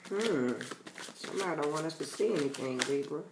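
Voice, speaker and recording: A man's voice: a little high, lively intonation, brisk, echoey room, background noise. A man giving a casual tarot reading to his channel's viewers, talking bluntly and emphatically and swearing freely. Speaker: tarot reader.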